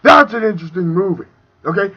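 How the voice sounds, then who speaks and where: A young man ranting angrily about a movie, profane and swinging between shouting and muttering. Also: high-pitched, lively intonation, fast. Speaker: video reviewer. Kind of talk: angry movie rant. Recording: dull lo-fi home recording.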